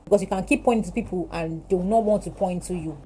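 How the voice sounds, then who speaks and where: A woman in her twenties with a Nigerian English accent, chatting while doing her makeup, animated and giggly. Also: fairly low pitch, fast, slight background noise, low-quality recording. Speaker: beauty vlogger. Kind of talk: casual get-ready-with-me chat.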